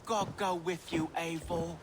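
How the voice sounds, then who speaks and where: An actor playing a sly, charming male swindler in a video game, smooth-talking and mocking. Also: fairly high pitch, steady tone, measured pace, slight background noise, natural voice.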